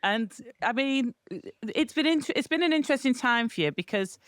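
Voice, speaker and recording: A woman in her forties co-hosts a podcast. She teases her co-host in a playful way, and her pitch rises and falls a great deal. The sound is close and dry. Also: expressive, normal speed, a bit bright, clean tone, no echo. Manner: teasing, playful. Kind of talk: casual chat.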